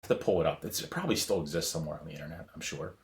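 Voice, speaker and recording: A man's voice: very deep voice, animated, racing. A man in his thirties co-hosting a podcast, telling rambling stories in casual chat and laughing often. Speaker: podcast co-host.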